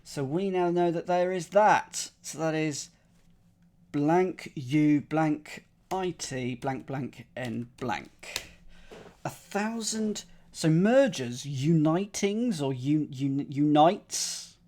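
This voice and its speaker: A man streams himself working through a crossword, thinking aloud as he goes. His voice swings up and down in a lively way, and he shifts between playful asides and quiet muttering to himself. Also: on the high side, slow. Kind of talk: live-stream puzzle solving, thinking aloud.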